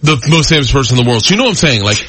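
A man guesting on a podcast, telling rambling, excitable stories with frequent laughter in casual chat. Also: mid-range voice, racing, slightly rough, no room sound. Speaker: comedian guest.

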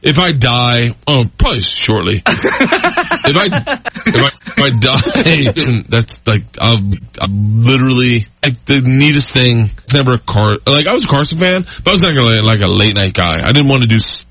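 A man guesting on a podcast, telling rambling, excitable stories with frequent laughter in casual chat. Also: mid-range voice, normal speed, breathy edge, dry recording. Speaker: comedian guest.

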